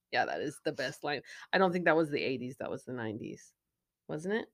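A woman's voice: deep voice, very animated, normal speed, fairly bright tone. A woman co-hosting a podcast, chatting casually through a movie-trivia game and laughing often. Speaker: podcast co-host.

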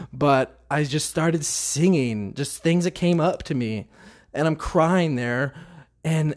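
A man's voice: fairly high pitch, darkish tone. Earnest man sharing a faith testimony. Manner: earnest, confessional, halting restarts.

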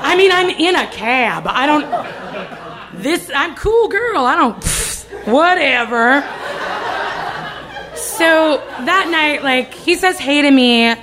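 A young woman telling a comic personal story live on stage, animated and given to loud ranting retellings. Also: high-pitched, slow pace. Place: live stage before an audience. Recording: live show with a laughing crowd.

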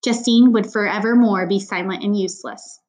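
A woman's voice: medium pitch, steady tone, a little fast, a little mellow. A woman reading a novel aloud in a plain voice, stopping now and then for casual asides, with small slips in her reading. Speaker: audiobook reader.

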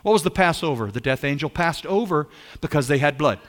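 A man preaching a sermon as pastor, animated, repeating phrases and asking his listeners questions. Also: fairly high pitch, brisk, big-room sound.

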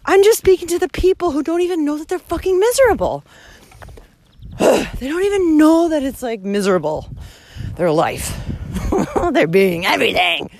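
A woman's voice: high-pitched, moderate pace, no echo. Breathless, swearing young woman vlogging on a hike. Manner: blunt, heavy swearing, animated rants. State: out of breath from climbing. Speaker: vlogger hiking the Camino. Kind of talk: casual walking vlog monologue. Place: outdoors on a rural trail. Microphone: phone held while walking.

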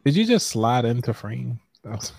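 A man hosts a live-stream money show in a loose, easygoing way, clearing his throat and reading aloud from a book. His voice is mid-pitched and sits dry and close, with little room sound. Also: big pitch swings, normal speed, darkish tone, no echo.

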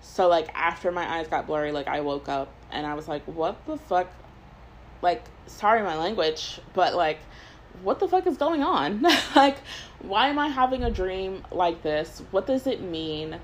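Chatty woman in her twenties, slightly low. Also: moderate pace, a little hiss or hum, rough recording. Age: 20s. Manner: rambling storyteller, heavy use of "like"; laughs between thoughts. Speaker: podcast host. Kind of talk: casual chat.

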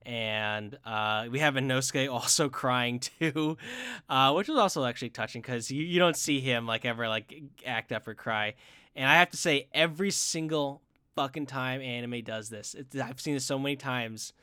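Man, casual co-host, bright and clear, excitable rambler, dry close mic. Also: mid-range voice, moderate pace, no room sound. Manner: excited, rambling with many restarts and fillers. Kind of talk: casual chat reviewing an anime film.

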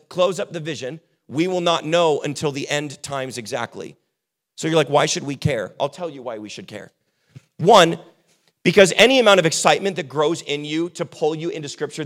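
A young adult man preaching a sermon as pastor, casual and joking, acting out quick quotes. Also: on the high side.

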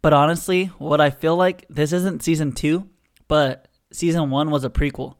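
A young man co-hosting a podcast, chatting casually and acting out quotes with growing excitement. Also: on the high side, moderate pace. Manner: animated storyteller, acts out quotes with rising excitement. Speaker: podcast co-host. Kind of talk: casual chat.

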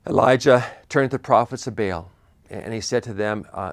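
Lively low-voiced male preacher. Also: normal speed. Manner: animated storytelling with repeated restarts and chuckles. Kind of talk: sermon retelling a Bible story.

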